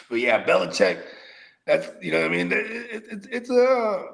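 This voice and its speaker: A man with a high-pitched, gravelly voice co-hosts a casual sports podcast, telling stories in an animated, profane way. He swings between loud bursts and quiet asides.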